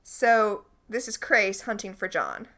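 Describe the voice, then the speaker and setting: A woman's voice: mid-range voice, sing-song, slow pace, fairly bright tone. A woman co-hosting a podcast, animatedly and enthusiastically recapping a TV episode in casual chat. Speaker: podcast co-host.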